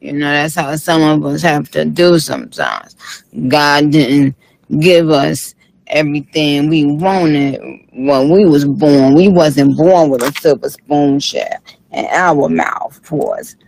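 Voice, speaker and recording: A man's voice: on the high side, slow pace, gravelly, a little mellow, low-quality recording. A man doing a comic impression of a sassy, tired female rap star who reads live chat comments on a late-night stream, with a drawling, profane manner.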